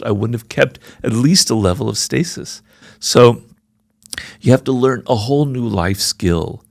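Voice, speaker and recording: Man in his sixties, interview guest: low pitch, gravelly tone, frank and reflective. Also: no echo, studio quality. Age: 60s. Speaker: podcast guest, author. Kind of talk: candid conversational interview.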